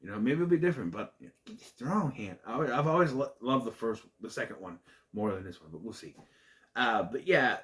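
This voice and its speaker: A man casually reviewing a comedy movie on his own, animated and laughing at the jokes, jumping into high voices to mimic lines. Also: quick pace.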